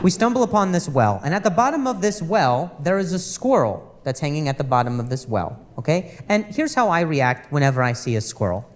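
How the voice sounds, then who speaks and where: A man in his thirties works a stand-up set with a fairly high, very lively voice. He stumbles over words and acts out the people in his story as he goes. The live club recording carries clear audience noise behind him. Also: brisk, few pauses, long reverb tail. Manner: animated storytelling with stutters and acted-out quotes. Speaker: stand-up comedian. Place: comedy club stage with a laughing audience.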